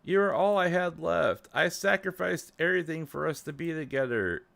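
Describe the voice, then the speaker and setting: A man's voice: on the high side, moderate pace, vocal fry, fairly bright tone, no room sound, pitched above the performer's own voice. A man voicing a young female game club president, reading her hurt and accusing lines aloud in a raised voice. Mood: betrayed.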